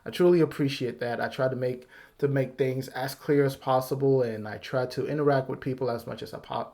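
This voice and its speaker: A man with a medium-pitched, steady, warm voice speaks a little fast. As host of his own YouTube channel's giveaway vlog, he talks casually, wandering and apologetic, with nervous laughs.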